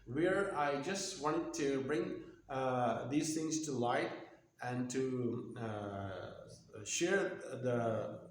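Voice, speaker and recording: A man teaching pronunciation at a board, speaking deliberately with many hesitations. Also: medium pitch, animated, slight background noise. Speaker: English teacher. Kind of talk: whiteboard lesson on pronunciation. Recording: very echoey room.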